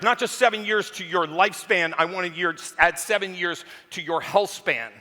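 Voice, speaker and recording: Guy on a conference stage telling a story, slightly high bright voice, big hall echo. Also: moderate pace. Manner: lively storyteller, acts out quotes. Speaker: keynote speaker. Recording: long reverb of a large hall.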